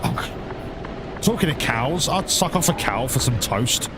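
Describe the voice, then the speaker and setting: A British man rambles crudely and jokingly to himself while driving a truck in a game, his mid-range voice very animated yet unhurried. Loud road and engine noise runs behind him.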